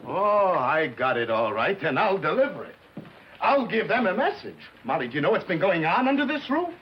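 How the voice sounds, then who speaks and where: An actor playing an indignant middle-aged husband in a 1950s TV sitcom, emphatic and scolding in an exasperated way. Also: male voice, high voice, sing-song, fairly quick, slight background noise. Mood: furious. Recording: dull lo-fi 1950s TV sound.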